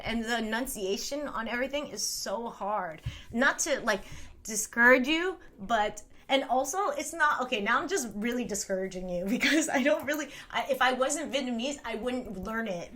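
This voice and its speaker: Thirtysomething woman streamer, bright punchy voice, rambly and giggly, chatting w her viewers. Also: fairly high pitch. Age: 30s. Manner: rambling, chatty, laughs often, reads comments aloud. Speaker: live streamer. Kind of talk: casual live-stream chat.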